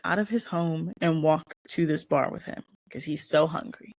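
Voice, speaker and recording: Animated woman host telling a story. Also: sits low, moderate pace, dry recording. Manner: animated, acts out the quoted lines in the story. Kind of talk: casual storytelling chat.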